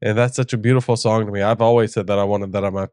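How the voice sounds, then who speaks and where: Smooth-voiced young man telling jokey stories. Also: lowish voice, steady tone, rapid-fire, a little mellow, dry recording, clean studio sound. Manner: joking storyteller, acts out voices. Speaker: co-host. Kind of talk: casual chat.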